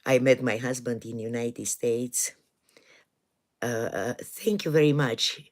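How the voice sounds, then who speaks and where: A woman in her sixties from Romania with a Romanian accent, chatting casually and hesitantly on a live stream from her home. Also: very deep voice. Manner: hesitant, many pauses and fillers, chuckles often. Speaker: livestream host. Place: home in the woods.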